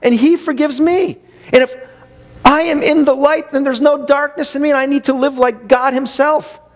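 A man's voice: very high-pitched, fairly even intonation, normal speed. A man preaching a sermon as pastor, emphatic, building long lists and acting out his listeners' objections. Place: church.

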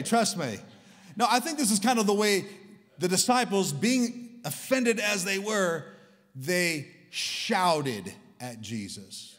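Male guest preacher, lively sermon delivery with loud highs and whispered lows, long hall reverb. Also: unhurried. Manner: dynamic, swings between loud exclamations and hushed whispers. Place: church hall.

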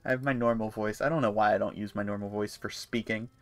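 A man's voice: lowish voice, fairly even intonation, fast talker, no echo. A man streaming a horror game in casual commentary, playful and self-mocking, swearing freely as he jokes along.

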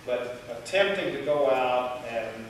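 A man's voice: medium pitch, expressive, slow. Tennessee-accented man in an echoey hall. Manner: enthusiastic, folksy storytelling. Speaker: television host speaking as a guest. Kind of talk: speech to a college audience. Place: large echoey college hall. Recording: echoey hall, distant and noisy.

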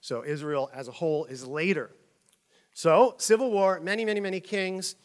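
Male pastor, middle-aged, high-pitched, animated, comic storyteller. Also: moderate pace. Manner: animated storytelling with jokes and acted-out voices. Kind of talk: conversational sermon.

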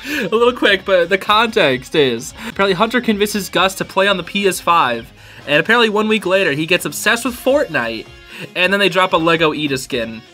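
A man hosting a reaction video, excitable, laughing often and saying "dude" a lot. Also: high-pitched, a little fast, faint music behind. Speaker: host reacting to fan videos. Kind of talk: casual reaction commentary.

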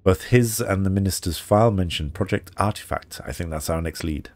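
A man voicing a weary male raccoon private eye in a low-key, tired manner. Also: a little fast, a little mellow, dry recording, natural voice.

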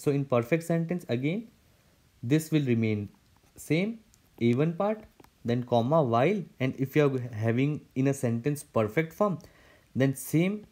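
A man's voice: mid-range voice, a little mellow. A man teaching a German grammar lesson, explaining step by step with frequent repetitions and restarts.

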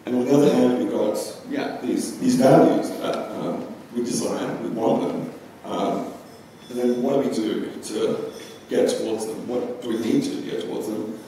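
Young man in a booming hall. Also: steady tone, moderate pace, few pauses, warm tone, slight background noise. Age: young adult. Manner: loose, chatty, full of ums. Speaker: conference speaker. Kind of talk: philosophy talk. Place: large lecture hall. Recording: echoey hall from far off.

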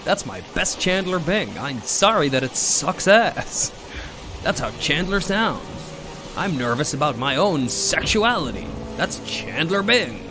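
A man impersonates a nervous, sarcastic American sitcom guy with a slow drawl. The voice sits fairly high, with loud game music under it. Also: sing-song. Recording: game music playing behind.

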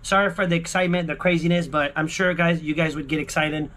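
A man vlogging a lottery scratch-off, talking excitedly to his viewers, repeating exclamations and swinging from hushed murmurs to yelling. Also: fairly high pitch, fast. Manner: exclamatory, keeps repeating himself and calling out to viewers. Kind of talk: excited casual vlog commentary.

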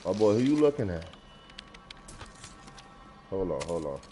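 A man's voice: deep voice, very animated, a little slow, dark tone, soft background music. A young adult man, a gaming streamer, riffing casually and preachily about feelings while reading chat aloud. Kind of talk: casual livestream talk. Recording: lo-fi stream mic.

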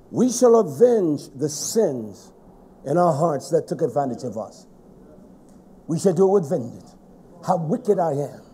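Fiery high-voiced male preacher. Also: breathy edge. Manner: swings between shouting and hushed low tones. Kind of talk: fiery sermon.

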